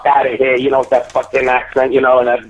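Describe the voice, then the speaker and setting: A man's voice: medium pitch, monotone, quick pace, dull audio, slight background noise. A man with a New Jersey accent, guesting on a show and telling rambling, profane stories. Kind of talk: casual chat.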